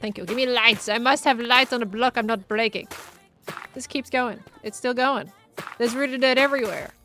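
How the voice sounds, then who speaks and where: A woman's voice: on the high side, moderate pace, sharp tone, soft background music. A young woman chatting casually while streaming a game, musing aloud and laughing often. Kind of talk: casual live-stream chat while gaming.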